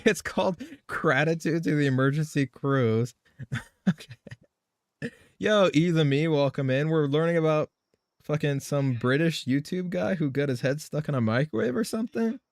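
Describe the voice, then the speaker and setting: A man's voice: a little high, normal speed, dry recording, studio quality. A man live streaming a game, chatting casually in a loose, rambling way, swearing and laughing often.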